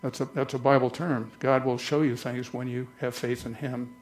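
Pastor type, male, mid-pitched, easygoing sermon delivery with slow scripture reading. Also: level tone, slight background noise. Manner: conversational preaching, reads scripture slowly.

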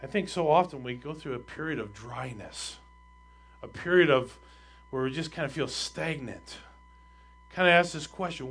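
High-voiced man preaching a sermon. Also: moderate pace, a bit bright, husky. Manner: reads scripture aloud and explains it, rising in force on the readings. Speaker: pastor.

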